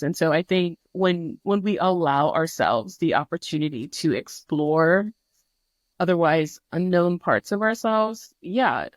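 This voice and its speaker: A woman on a podcast speaks candidly and chattily, with a voice pitched a little low. She curses without fuss and loops back on her thoughts. The sound is dry and close, with no room around it. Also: no room sound. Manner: candid, chatty, swears freely, many fillers and restarts. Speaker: podcast guest. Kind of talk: casual chat.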